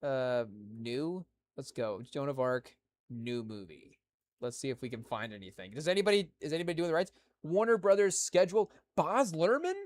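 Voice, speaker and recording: A man's voice: a little high, lively intonation, moderate pace. A man hosting a podcast, chatting on his own in a rambling way with lots of fillers and restarts, talking to his live chat. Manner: talks to a live chat audience. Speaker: podcast host. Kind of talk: casual solo chat.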